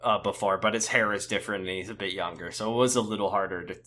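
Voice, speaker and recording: A man co-hosting a casual podcast chat, animated and swearing, stumbling over his words when excited. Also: fairly low pitch, fast. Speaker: podcast co-host.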